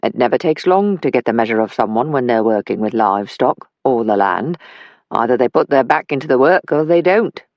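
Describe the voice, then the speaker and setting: Voiced by the audiobook narrator, a plain-spoken older working-class father talks in a lowered, grainy voice. His speech is homely and kindly. The reading is dry and close, with no room around it. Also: animated, a little fast, dry recording, lo-fi sound, close to an everyday voice. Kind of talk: audiobook character voice.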